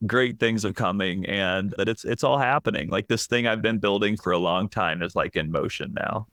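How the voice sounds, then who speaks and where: Candid, reflective man, low and dry. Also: normal speed, a bit bright, no echo. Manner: candid, reflective, with frequent fillers and restarts. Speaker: executive coach. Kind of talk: casual podcast interview.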